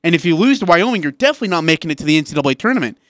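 A man co-hosting a sports radio show, talking excitedly in casual chat with many restarts and asides. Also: on the high side, racing, dry recording, studio quality.

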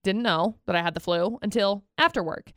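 A woman co-hosting a radio show, talking in a chatty, expressive way into a studio microphone. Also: medium pitch, normal speed, no echo. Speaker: radio co-host. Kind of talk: casual radio chat.

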